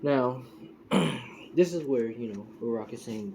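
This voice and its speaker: Speaking in a warm, mid-range voice with lively intonation and an unhurried pace, a man improvises a fan story in a loose, informal ramble. He keeps correcting himself and uses lots of "you know" and "you could say." A faint hiss or hum is audible.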